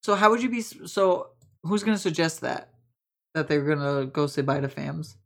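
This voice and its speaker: A woman's voice: low-pitched, steady tone, moderate pace, creaky. A woman running a tabletop role-play game as game master, narrating casually with many fillers.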